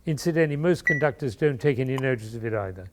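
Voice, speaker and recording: A man leading a music masterclass, expressive and playful, singing phrases aloud to show how they should go. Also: medium pitch, quick pace, background noise. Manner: playful asides. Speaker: music teacher leading an interpretation class. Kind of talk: masterclass coaching.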